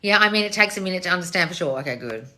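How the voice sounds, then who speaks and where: A woman with a bright, clear voice hosts a casual live stream and reads viewer comments. She answers them bluntly, firing back rhetorical questions and swearing now and then. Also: lowish voice, animated, rapid-fire. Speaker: manifestation coach reading live chat.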